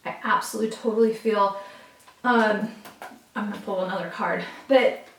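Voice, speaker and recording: Woman, tarot reader, chatty, excitable, roomy room, a little off mic. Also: medium pitch, normal speed, creaky, slight background noise. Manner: chatty, excitable, talks straight to viewers. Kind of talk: casual tarot reading to camera. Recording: roomy, from a distance.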